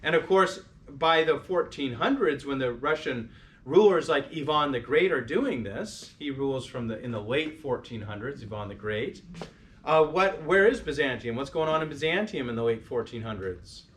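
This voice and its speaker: A man's voice: medium pitch, animated, normal speed, fairly bright tone. Man giving a chatty history lecture. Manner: conversational, with restarts and questions to the audience. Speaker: parish lecturer. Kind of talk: informal history lecture to a live group. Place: parish hall or church.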